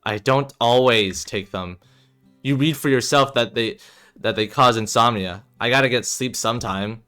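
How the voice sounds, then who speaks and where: Dude doing a tired guarded young guy in a game, quiet and low, crisp bright mic. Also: normal speed, faint music behind, close to an everyday voice. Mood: weary. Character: troubled young man, guarded and weary.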